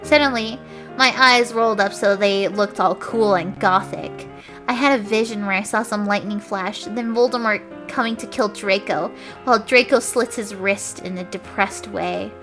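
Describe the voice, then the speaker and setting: A woman's voice: medium pitch, normal speed, fairly bright tone, soft background music. A young woman streamer reading a fanfic aloud with mock drama, stumbling over words and chatting casually.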